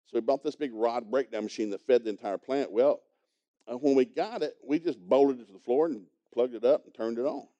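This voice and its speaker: A man preaching, winding a folksy story into his sermon and chuckling along the way. He talks quickly. His voice is very dark and mellow, at a middle pitch. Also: muffled recording. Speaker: pastor teaching a congregation.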